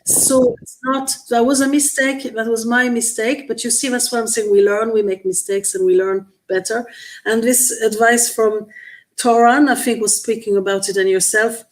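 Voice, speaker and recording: Higher-voiced woman, halting and earnest. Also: fairly even intonation, low-quality recording. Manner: searching for words, frequent restarts; earnest, explanatory. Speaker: guest experiencer. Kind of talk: conversational interview.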